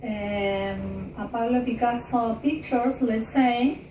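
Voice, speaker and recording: A woman teaching a recorded English grammar lesson, talking slowly with frequent fillers and "okay?" checks. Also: fairly high pitch, a little mellow. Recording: echoey room, distant mic, faint noise.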